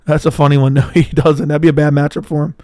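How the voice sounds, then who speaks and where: A hoarse man hosting a livestream in casual commentary, answering chat with blunt, profane banter. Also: on the high side, little pitch movement, fast, mellow, no echo, studio quality. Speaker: livestream host.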